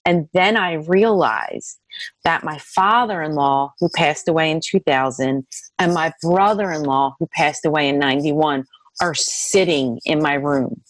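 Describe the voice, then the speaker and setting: A middle-aged woman telling her own near-death story in an interview, lively and full of "like" fillers. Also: a little slow, dry recording. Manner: lively, acts out dialogue in high voices, many "like" fillers.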